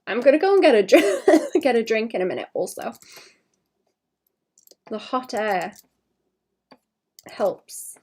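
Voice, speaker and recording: A woman's voice: on the high side, very animated, slow pace, pauses often, darkish tone, husky. A woman chatting casually to her stream while drawing, with a slight cough. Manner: chatty, rambling, talks to chat between drawing. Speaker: livestreaming illustrator.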